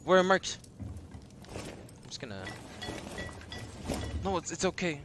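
A man chatting loudly with friends while playing an online game, excitable, swearing and laughing often. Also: high-pitched, a little slow, background noise. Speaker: streamer. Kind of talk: casual gaming chat with friends.

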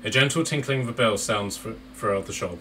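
Man, game master, low voice, rambling narration, distant mic, faint noise. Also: a little fast, pushed and bright. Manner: rambling, with fillers and laughs.

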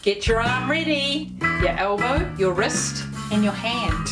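A woman leading a children's music session, talking and singing in a playful sing-song way, sometimes dropping to a hushed whisper. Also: fairly high pitch, expressive, takes it slowly.

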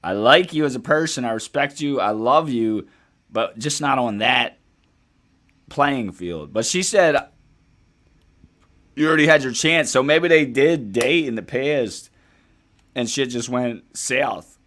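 A man's voice: mid-range voice, measured pace, long pauses. A man hosting a music reaction video, chatting casually and profanely as he reacts to a song. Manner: relaxed, profane, chatty, thinking aloud. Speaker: music reaction channel host.

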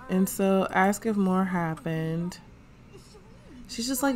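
Female gaming host, relaxed drawl, casual playful narration. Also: mid-range voice, unhurried. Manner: chatty, slangy, narrates characters' thoughts. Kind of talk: casual let's play commentary.

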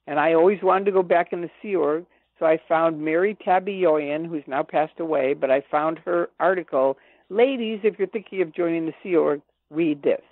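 A woman's voice: low voice, moderate pace, no room sound. Older woman on a tinny phone line. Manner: animated, acts out quoted dialogue. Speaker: guest. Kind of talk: personal storytelling in an interview.

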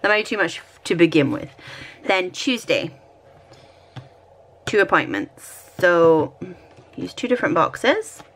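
A woman's voice: on the low side, sing-song, takes it slowly, long pauses, a bit bright. A Scottish woman vlogging at home, chatting and thinking aloud while she decorates her planner, often poking fun at herself.

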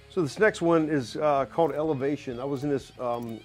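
A man's voice: mid-range voice, moderate pace, soft background music. A middle-aged man giving a drum clinic in a recording studio, talking loosely and casually with lots of "you know" fillers.

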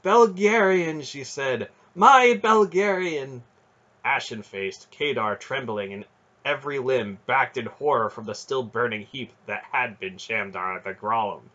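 Male fantasy audiobook narrator, low husky voice, muffled lo-fi recording. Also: normal speed. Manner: dramatic storybook narration, expressive. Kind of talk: fan audiobook reading.

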